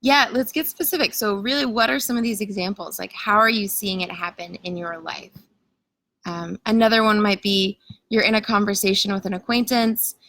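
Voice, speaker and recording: Woman, live-stream coach, bright voice, casual filler-heavy delivery, dry close sound. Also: medium pitch, steady tone, normal speed, no echo, poor audio. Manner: greets viewers and reads comments aloud. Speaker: coach leading an online challenge.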